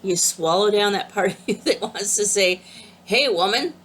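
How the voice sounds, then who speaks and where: A woman spiritual teacher giving an earnest, gentle, casual talk about an oracle card. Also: medium pitch, little pitch movement, normal speed.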